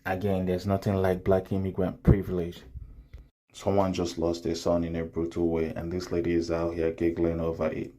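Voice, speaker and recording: A man giving earnest, measured commentary that asks rhetorical questions. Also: sits low, monotone, warm tone. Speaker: online commentator. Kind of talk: opinion commentary.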